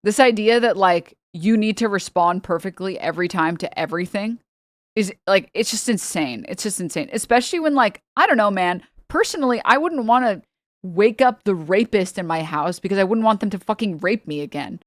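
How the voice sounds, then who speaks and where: A woman's voice: mid-range voice, animated, fairly quick, no room sound, studio quality. A woman streamer in a casual reaction stream, ranting heatedly with a lot of swearing and talking straight to her chat. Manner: heated, profane, exasperated ranting.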